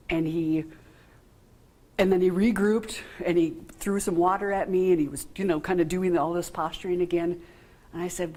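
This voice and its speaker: Woman trainer, lower voice, plain-spoken, chatty and direct with the group. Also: fairly even intonation, normal speed, a little mellow. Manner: frank, conversational, asks the room questions. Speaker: workshop trainer. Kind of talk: informal training talk to a group.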